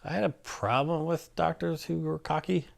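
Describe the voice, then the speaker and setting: A man's voice: on the high side, steady tone, normal speed, vocal fry. Plainspoken man telling a personal story. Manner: plainspoken, rambling, acts out quoted exchanges. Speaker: interviewee.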